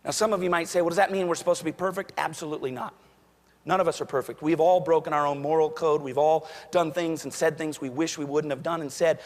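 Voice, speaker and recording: Male keynote speaker, lively storyteller, slightly high voice, long hall reverb. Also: brisk. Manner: storytelling, acts out quoted voices. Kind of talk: motivational keynote speech.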